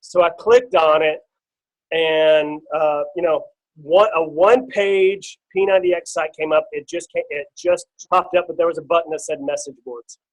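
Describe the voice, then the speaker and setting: A man's voice: fairly high pitch, moderate pace, poor audio. A middle-aged man telling a personal fitness testimony on a team call, casual and rambling, with lots of fillers and restarts. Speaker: guest speaker on a team call.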